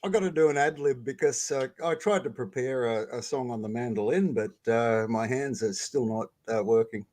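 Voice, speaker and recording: A man's voice: medium pitch, darkish tone. Rambling man at an open mic. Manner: rambling, halting, with many fillers. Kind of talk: casual stand-up ad lib.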